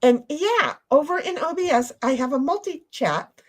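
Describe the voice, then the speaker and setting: A woman's voice: high-pitched, expressive, normal speed. A woman co-hosting a casual livestream chat, blunt, profane and playful. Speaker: stream co-host.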